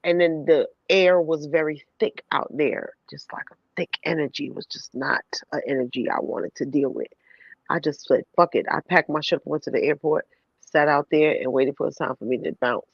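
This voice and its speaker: Woman, casual storyteller, lively and profane, mid pitch; dull, dry recording. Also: normal speed, vocal fry, no echo. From New York City. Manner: animated, laughing, swears freely. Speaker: voice actress telling a story.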